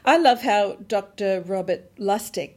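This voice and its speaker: A woman hosts an interview, framing her points in a thoughtful, measured way. Her voice sits at a middle pitch. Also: darkish tone. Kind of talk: conversational interview.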